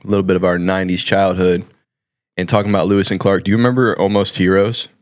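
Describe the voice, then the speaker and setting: A man co-hosting a faith podcast, relaxed and agreeable, often answering with short affirmations. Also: low voice, quick pace, no echo, clean studio sound. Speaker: podcast co-host. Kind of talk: casual faith podcast chat.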